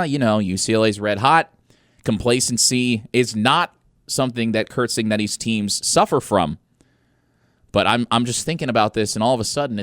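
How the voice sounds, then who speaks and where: A young man hosting a college sports radio show, giving energetic, opinionated commentary with emphatic stresses. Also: mid-range voice, dry recording, clean studio sound.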